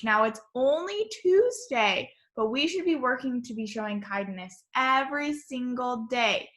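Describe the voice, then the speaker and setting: A woman teacher giving an online lesson to young children, speaking in a slow, sing-song, encouraging way on a computer mic. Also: high voice, expressive, a bit bright.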